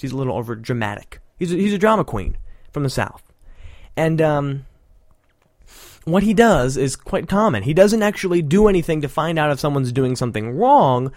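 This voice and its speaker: A man's voice: medium pitch, darkish tone, no room sound, studio quality. A man hosting a political talk show with a sarcastic, rambling monologue full of jokey asides. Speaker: host.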